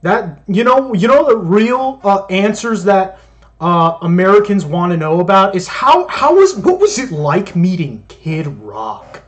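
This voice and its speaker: A man's voice: high voice, very animated, measured pace. A man giving sarcastic, profanity-laden commentary while reacting to clips. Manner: mocking, sarcastic, heavy swearing.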